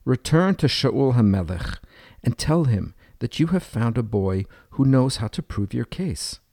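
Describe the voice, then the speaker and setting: A man voicing a wise young shepherd boy who speaks in a gentle, tender manner. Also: medium pitch, big pitch swings, measured pace, dry recording, clean studio sound.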